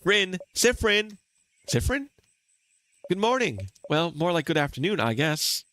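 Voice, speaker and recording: A man voicing a cheerful young female companion, chirpy and teasing, in a high sing-song voice. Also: very animated, measured pace, a bit bright, exaggerated voice.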